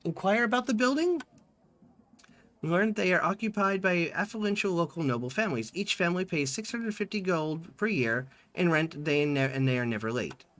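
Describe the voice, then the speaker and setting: A man's voice: high-pitched, normal speed, no room sound. A man streaming a text game, reading its dialogue aloud and chatting about it. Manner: lively, reads in-game dialogue with small voice changes.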